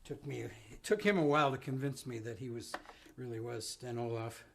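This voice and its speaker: Gravelly rambling folk musician, man. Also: mid-range voice, fairly even intonation, moderate pace, a bit bright. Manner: rambling, self-deprecating storytelling with many ums. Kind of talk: casual song introduction on live stream. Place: home studio. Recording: live music stream with guitar. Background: guitar.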